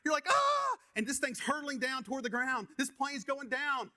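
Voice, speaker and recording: A man's voice: very high-pitched, brisk. A middle-aged man preaching a sermon, telling stories with lots of energy and often repeating words as he gets going. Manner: animated storytelling, repeats words when excited. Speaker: pastor.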